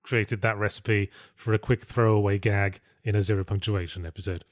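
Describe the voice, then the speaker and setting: A man's voice: on the low side, steady tone, normal speed, no room sound. A man co-hosting a casual podcast chat, talking with dry, wry humor. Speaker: podcast co-host.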